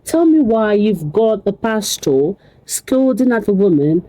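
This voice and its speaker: A woman's voice: medium pitch, measured pace, low-quality recording. A woman vlogger talking casually to her viewers, exclaiming, laughing and repeating phrases over and over. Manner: animated, repetitive, exclamatory, laughs often. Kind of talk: casual commentary to camera.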